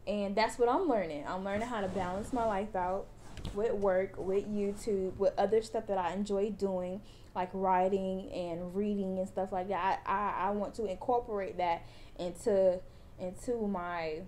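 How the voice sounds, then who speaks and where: A woman's voice: medium pitch, steady tone, normal speed, warm tone, a little hiss or hum. A young woman vlogger chatting casually to her viewers, calling them y'all and restarting her phrases as she goes. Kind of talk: casual vlog chat and encouragement.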